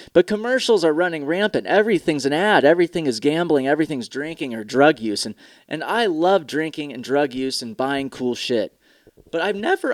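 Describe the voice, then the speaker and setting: A tired young man hosts a casual solo podcast, ranting in a profane, sarcastic, rambling way. His voice is on the high side. The sound is clean studio audio with no room sound.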